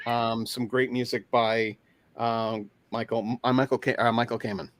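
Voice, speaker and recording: A man chatting casually as a guest, talking haltingly with many fillers and restarts over a video call. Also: medium pitch, flat delivery. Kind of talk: casual chat.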